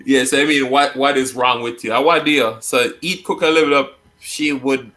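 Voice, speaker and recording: Male host, bright tone, playful and laughing, explains slang to viewers. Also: medium pitch, steady tone, moderate pace. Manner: playful, laughs often, reads viewer comments aloud. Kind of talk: casual chat teaching slang.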